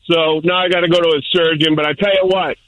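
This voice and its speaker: An older man calling into a talk show, telling a rambling story in a gruff, joking way. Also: on the high side, steady tone, quick pace, fairly bright tone, rough recording. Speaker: caller. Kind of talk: casual phone-in chat.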